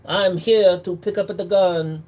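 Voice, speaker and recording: A man voicing a hesitant male pawn-shop customer with a put-on Korean accent, halting and slow. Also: high voice, steady tone, darkish tone.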